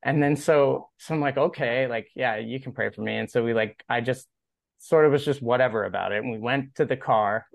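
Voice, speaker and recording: A man's voice: medium pitch, a little fast, vocal fry, no room sound. Chatty man telling a story, dry sound. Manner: rambling, heavy use of "like", acts out quoted dialogue. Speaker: podcast guest, pro skateboarder. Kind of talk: casual personal storytelling.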